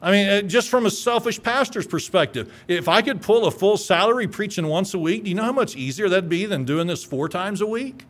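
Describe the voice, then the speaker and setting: A man's voice: high-pitched, a little fast, hardly any pauses, a bit bright. A male pastor preaching a sermon in an earnest, conversational way that climbs into emphatic peaks.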